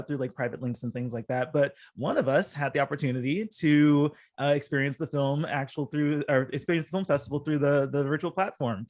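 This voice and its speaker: A man hosting a casual chat over a call, upbeat and chatty, laughing easily. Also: a little high. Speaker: podcast host.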